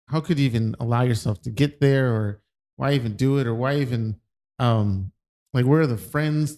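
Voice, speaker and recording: Rambling podcast co-host, laughs a lot. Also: male voice, mid-range voice, warm tone. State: voice cracking. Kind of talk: casual podcast chat.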